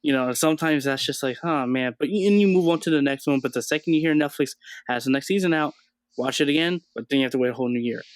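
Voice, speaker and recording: A man's voice: fairly high pitch, fast, smooth, dry recording. A man hosting a casual chat about a streaming show, talking in an easygoing way and thinking aloud with plenty of fillers. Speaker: channel host. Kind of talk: casual pop-culture chat.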